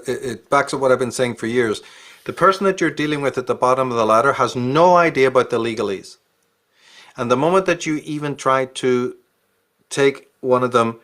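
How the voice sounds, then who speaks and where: A man's voice: mid-range voice, steady tone, brisk, a bit bright. A man hosting a casual conversation, explaining his argument step by step. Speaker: host.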